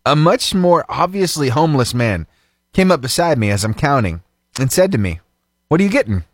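A man's voice: mid-range voice, big pitch swings, normal speed, no room sound, studio quality. A male radio host telling a feel-good story in an upbeat way, laughing often and acting out the dialogue he quotes.

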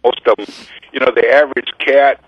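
A man's voice: mid-range voice, steady tone, a little fast, husky, no room sound, muffled recording. A man with a Minnesota accent, a guest author on a casual radio interview. He is easygoing and agreeable and often repeats his words.

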